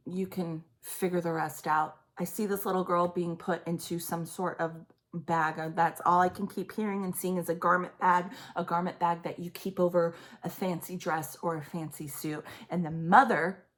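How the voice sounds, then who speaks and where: A woman talks straight to camera through an intense psychic reading. Her voice sits a little low, and she halts, restarts and trails off often. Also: little pitch movement, unhurried. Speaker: psychic reader. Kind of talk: intuitive reading on video.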